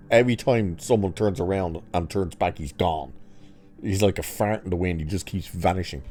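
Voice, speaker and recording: A man's voice: low voice, mellow. A man recapping and reviewing a TV episode in a casual, sarcastic, mocking way, swearing freely.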